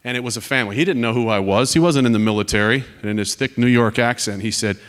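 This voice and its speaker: Speaking fast and barely pausing, this man has a mid-range, slightly bright voice. He's a U.S. Air Force officer in his forties on the verge of retirement, earnestly narrating stories over slides to a student panel with the occasional wry remark.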